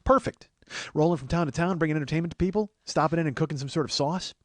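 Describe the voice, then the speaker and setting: A man hosting a comedy podcast, talking in a rush and riffing with rising excitement and a lot of swearing. His voice sits a little high. The sound is dry and close. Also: fast talker, dry recording. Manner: riffing, excitable, profane, builds to loud enthusiasm. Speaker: podcast host. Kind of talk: casual comedic banter.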